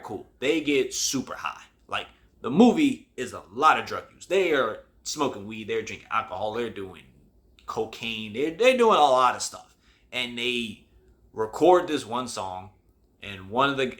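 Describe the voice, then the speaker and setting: A man's voice: medium pitch, animated, moderate pace, a bit bright. Casual rambling male movie reviewer. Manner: rambling, conversational, many restarts. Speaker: host.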